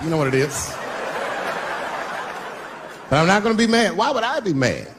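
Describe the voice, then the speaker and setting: Man, middle-aged, stand-up comedian, live stage, fairly high voice, profane punchy delivery, noisy live recording. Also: very animated, moderate pace, crowd noise. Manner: punchy, profane, swings between loud bursts and low asides.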